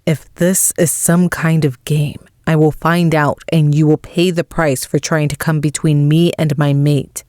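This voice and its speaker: A woman's voice: low-pitched, level tone, unhurried, few pauses, warm tone, no echo, studio quality. A woman voicing a protective young alpha man who speaks firmly and coldly. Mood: stern. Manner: firm, cold and stern.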